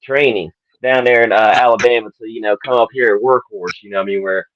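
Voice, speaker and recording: A man with a Southern US accent, interviewing in a relaxed, filler-heavy chat style. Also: fairly low pitch, fast, no echo. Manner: laid-back, lots of fillers, laughs often. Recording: dull lo-fi audio.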